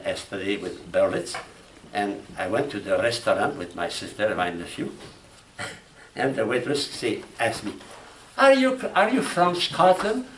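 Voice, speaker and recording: A man from France with a French accent, giving a classroom lecture on logic, speaking haltingly with restarts and asking "huh?" and "you know?". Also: deep voice. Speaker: logic instructor. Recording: echoey room from far off, faint noise.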